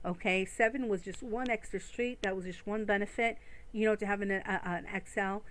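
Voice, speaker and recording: A woman's voice: medium pitch, fairly even intonation, brisk. A woman streaming a fishing game, chatting casually and rambling to her viewers from home. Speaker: gaming streamer. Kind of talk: casual gameplay commentary. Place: home room.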